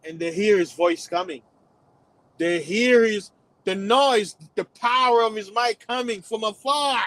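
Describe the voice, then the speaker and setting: A man's voice: sits high, measured pace, fairly bright tone, rough recording. A man delivering a preachy religious warning monologue to his channel, repeating himself and rising to emphatic peaks. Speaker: channel host.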